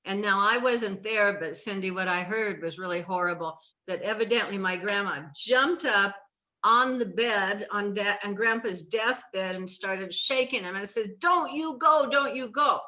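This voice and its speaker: A woman's voice: mid-range voice, unhurried, pushed and bright. A woman hosting a faith talk show interview, earnest and emotional, sometimes laughing or tearful. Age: older. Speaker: host.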